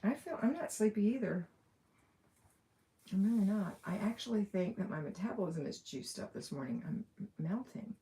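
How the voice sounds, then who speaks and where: A woman with an Alabama accent hosts a relaxed live Q&A from a room at home with the window open. Her medium-pitched voice is animated and warm at a moderate pace, and she chats along, reading viewer comments aloud and laughing now and then.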